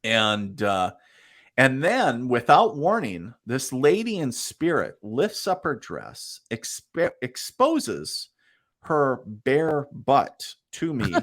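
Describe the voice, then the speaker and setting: A man with a medium-pitched voice speaks slowly, interviewed as a psychic medium. He tells his stories casually, acting out what people said, and laughs often as an animated storyteller.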